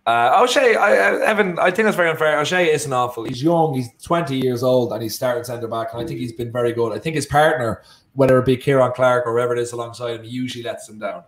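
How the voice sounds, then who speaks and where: A man with an Irish accent co-hosting a casual football watchalong, talking in a rambling, animated way and often correcting himself. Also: medium pitch, quick pace. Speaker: co-host. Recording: roomy echo.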